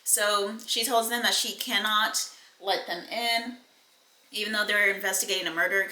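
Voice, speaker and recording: A woman's voice: lowish voice, bright, forceful tone, echoey room, a little hiss or hum, poor audio. A woman giving a casual, chatty recap and review of a TV episode, full of fillers and blunt asides. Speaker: TV recap vlogger.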